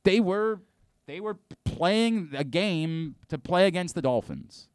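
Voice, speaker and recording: Animated, exasperated male sports radio host. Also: high voice, a little slow, no room sound, studio quality. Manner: animated, exasperated ranting with frequent restarts. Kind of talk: sports talk radio monologue.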